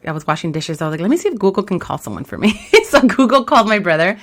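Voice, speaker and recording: A woman co-hosting a podcast, telling an animated story, acting out quotes and laughing often. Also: mid-range voice, racing. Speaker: podcast co-host. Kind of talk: casual chat.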